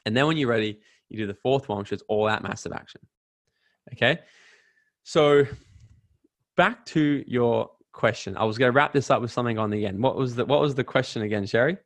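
A man in his twenties with an Australian accent, a podcast guest giving an emphatic, energetic motivational talk with casual swearing. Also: medium pitch, a little fast, no room sound. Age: 20s.

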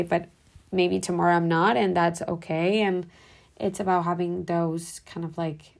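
A woman's voice: on the low side, gravelly. A young woman hosting a podcast, talking in a rambling, casual way with lots of "like" and "whatever.". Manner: rambling, heavy use of "like" and "whatever". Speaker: podcast host. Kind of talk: casual reflective monologue.

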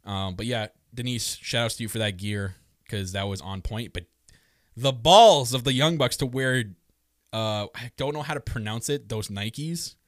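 Male podcast co-host, excitable and jokey, recorded close and dry. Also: medium pitch, moderate pace, no room sound. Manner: excitable, joking, many restarts. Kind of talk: casual wrestling chat.

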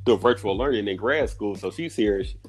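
A man in his forties chatting casually, telling a story with lively animation, acting out both sides of conversations and laughing often. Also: on the low side, a little fast, slight background noise. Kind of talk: casual chat.

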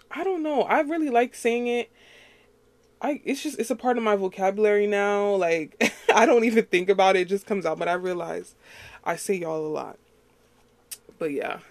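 A woman's voice: medium pitch, no room sound. A chatty woman from New York City hosts her own podcast, talking in a loose, rambling way with plenty of fillers and easy laughter. Her voice sits dry and close, with no room around it. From Queens, New York City. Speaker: podcast host. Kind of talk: casual solo podcast chat.

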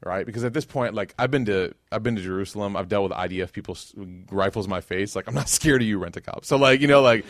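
A man, giving a religious lecture as a casual, animated storyteller who acts out quotes. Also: fairly low pitch, fast talker, hardly any pauses, dry recording, clean studio sound.

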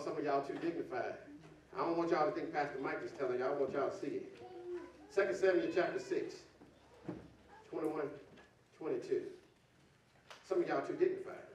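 A man preaching a sermon as pastor, talking to his congregation as y'all and rising into shouts. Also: fairly high pitch, a little hiss or hum. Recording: echoey hall, distant mic, faint ambience.

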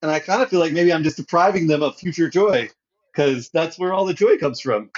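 High, expressive male voice, halting thinker, muffled lo-fi recording. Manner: hesitant, many restarts, thinks aloud. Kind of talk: casual chat. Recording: dull lo-fi sound.

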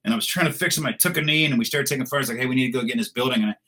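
Man, veteran guest, casual crude storytelling, animated, medium pitch. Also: racing, poor audio.

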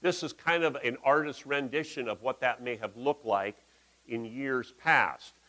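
A man's voice: mid-range voice, a little slow, pushed and bright, low-quality recording. A man giving a conversational, folksy sermon in a church, talking through slides with asides. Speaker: pastor.

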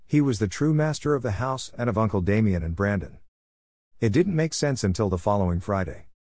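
A man reading a first-person story in a steady, even way. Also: low-pitched, no echo, studio quality. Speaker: narrator.

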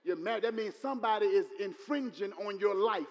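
A man preaching a sermon, repeating his points and building to loud exclamations. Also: high voice, a little fast, a little hiss or hum. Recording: long hall reverb.

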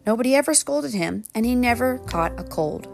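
A woman reading a children's storybook aloud, gently, turning now and then to talk to the children. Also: on the high side, animated, normal speed, vocal fry, soft background music. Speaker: storybook reader.

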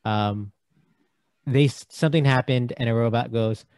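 A man's voice: mid-range voice, normal speed, a little mellow, smooth, no room sound. A man co-hosting a film podcast in a casual chat. He is jokey and stumbles over his words. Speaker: podcast co-host. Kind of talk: casual movie discussion.

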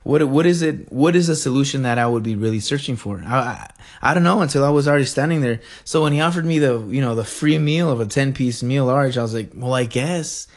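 A young man telling a story in a casual rant, animated and rambling, swearing and laughing as he goes. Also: mid-range voice, fast. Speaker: vlogger.

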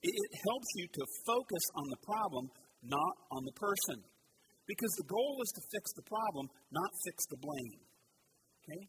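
A man preaching a sermon with a slightly high voice, earnest and pleading as he leads his congregation through scripture. His words ring out in a long church reverb, with clear background noise. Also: big pitch swings, normal speed. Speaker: pastor. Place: church sanctuary.

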